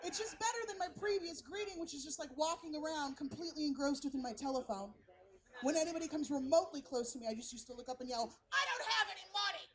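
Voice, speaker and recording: Brash, high-voiced woman comedian on stage. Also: fast, a crowd in the background. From San Francisco. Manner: brash, profane, animated storytelling. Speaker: stand-up comedian. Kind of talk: stand-up set. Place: outdoor festival stage.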